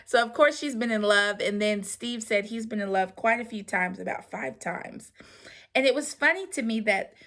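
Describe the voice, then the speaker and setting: A woman's voice: on the high side, moderate pace, fairly bright tone. A young adult woman hosting a casual recap of a reality show, talking in a chatty way with lots of fillers and the odd sigh. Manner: chatty, with many fillers and sighs.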